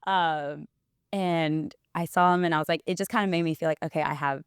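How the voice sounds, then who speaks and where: Low, smooth-voiced young woman. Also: steady tone, brisk, no echo, clean studio sound. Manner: chatty storytelling, quoting others. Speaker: interview guest, wellness bodybuilder. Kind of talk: casual interview chat.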